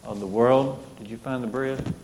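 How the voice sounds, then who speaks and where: A man's voice: mid-range voice, fairly even intonation, moderate pace, in a large hall, background noise. A man teaching a Bible class, reading scripture aloud and asking the group questions.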